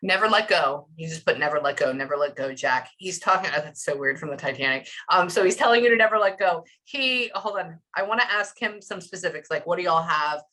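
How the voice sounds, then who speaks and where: A woman's voice: on the low side, lively intonation, brisk, few pauses, bright, forceful tone. A woman working as a psychic medium, relaying messages in a chatty, emotional reading session full of fillers.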